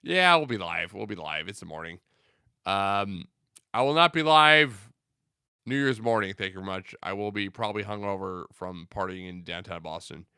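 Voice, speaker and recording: A man's voice: fairly low pitch, expressive, normal speed, vocal fry, sharp tone, smooth, no echo, studio quality. A young man hosting a casual livestream, reading out viewer comments in a loose, rambling way with many fillers. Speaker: livestream host.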